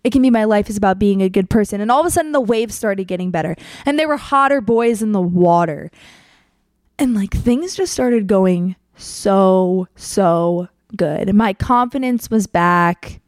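A young adult woman tells a story on her podcast in a chatty, candid monologue, acting out quotes and swearing freely. Her medium-pitched voice has lively intonation and a moderate pace, captured as clean studio audio with no room sound.

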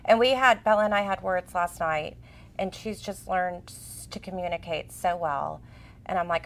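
A woman in her forties co-hosting a relaxed talk show. She tells stories in an expressive, chatty way. Her voice sits at a middle pitch. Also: normal speed, a little hiss or hum. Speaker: co-host. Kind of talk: casual chat.

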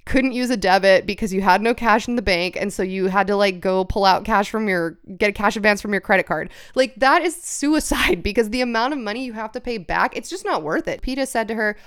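Young woman, podcast storyteller, smooth clear voice, animated, foul-mouthed. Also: medium pitch, a little fast, few pauses. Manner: animated, swears freely, acts out quoted people. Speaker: podcast co-host telling a story.

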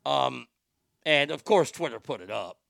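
A man's voice: mid-range voice, lively intonation, measured pace, creaky, a bit bright, no room sound. A man hosting a livestream, chatting casually and reading viewer comments in a rambling, profane way. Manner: rambling and profane, with frequent restarts.

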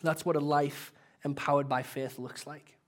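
A man preaching a sermon as pastor, earnest and emotional, swelling louder and then dropping soft, ending in prayer. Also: on the high side, level tone, moderate pace.

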